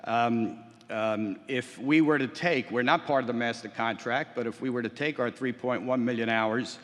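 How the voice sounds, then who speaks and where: A man's voice: medium pitch, normal speed. Middle aged guy giving a convention speech, ums and uhs, dry jokes, big echoey hall. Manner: steady storytelling with dry humor, frequent hesitations. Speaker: convention speaker, port employers' association representative. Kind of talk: prepared convention speech with an anecdote. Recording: long reverb of a big hall.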